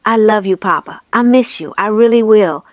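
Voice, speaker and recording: A woman's voice: mid-range voice, normal speed, dry recording, clean studio sound, natural voice. A woman voicing an earnest, naive grown man raised by elves, speaking sincerely in a storybook. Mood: tearful. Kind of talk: storybook reading.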